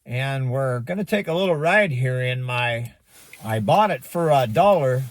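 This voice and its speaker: A man's voice: animated, a little slow. A man, the host of a car repair channel, telling a rambling story in a casual, chatty way while driving. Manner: chatty, rambling anecdotal talk. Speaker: auto repair shop owner and host. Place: in a moving car, then outdoors by a road. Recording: loud car and road rumble.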